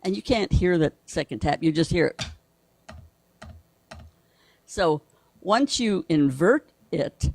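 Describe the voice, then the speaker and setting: A man's voice: high voice, animated, takes it slowly, creaky, pauses often, a little hiss or hum. A man from Brazil, a guest drummer, patiently explaining and counting rhythms aloud in a drum lesson.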